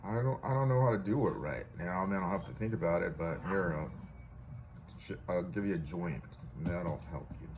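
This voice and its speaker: A man's voice: low voice, brisk, background noise. A man voicing a laid-back hippie guy who rambles casually. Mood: easygoing. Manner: relaxed, rambling.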